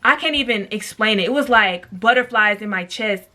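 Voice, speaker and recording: A woman's voice: mid-range voice, moderate pace, pushed and bright. A young woman telling a storytime vlog in a chatty, slangy way, full of fillers and talking straight to her viewers. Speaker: storytime vlogger.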